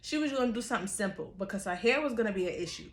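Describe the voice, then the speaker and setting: A young woman vlogger from New York, telling a storytime in a chatty, animated way with casual slang. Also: mid-range voice, rapid-fire, echoey room.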